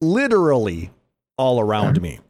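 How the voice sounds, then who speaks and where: A man from Minnesota with a Midwestern American accent, chatting casually on a podcast. He speaks in a relaxed way with many ums. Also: medium pitch, normal speed. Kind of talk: casual chat.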